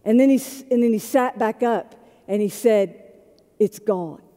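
A woman's voice: on the high side, normal speed. Woman preaching in an echoing hall. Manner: conversational storytelling, shifting between soft and loud. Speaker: pastor. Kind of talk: sermon.

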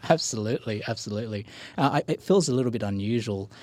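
Australian male host, husky and lowish, relaxed interviewer with fillers. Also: quick pace, no echo. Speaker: podcast host, professor. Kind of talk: conversational interview.

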